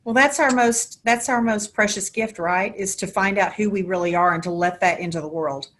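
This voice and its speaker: A woman's voice: mid-range voice, moderate pace, fairly bright tone. Podcast guest: middle-aged woman, Southern drawl, storyteller who leans on folksy metaphors. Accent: Southern American. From American South. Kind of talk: podcast interview.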